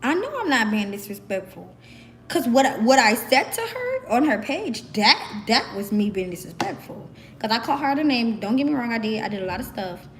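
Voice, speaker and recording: A young woman from the American South with a Southern accent, hoarse from screaming, ranting sassily and emphatically to camera. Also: a little high, very animated, normal speed, a little hiss or hum. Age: young adult. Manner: sassy, emphatic, repeats herself. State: hoarse, voice worn out. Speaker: vlogger.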